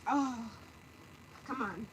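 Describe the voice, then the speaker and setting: A woman's voice: a little high, very slow. A woman vlogging outdoors on her phone, bluntly scolding and cussing at her dog. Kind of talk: casual vlog chat. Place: outdoors on a street. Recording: noisy outdoor street recording.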